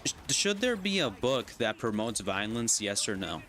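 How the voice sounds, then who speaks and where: A man's voice: fairly low pitch, sing-song, normal speed, pushed and bright, a little hiss or hum. A man streaming a game and venting casually. He argues his point and keeps tagging his sentences with "right?" and "you know?". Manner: argumentative, constantly asks "right?" and "you know?". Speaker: gaming streamer. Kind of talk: casual rant while gaming.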